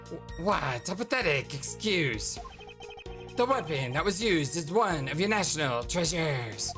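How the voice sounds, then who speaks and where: A game streamer reading a composed male prosecutor in a lower, slow, cutting voice. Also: sing-song, over music. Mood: cold. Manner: low, deliberate and cutting.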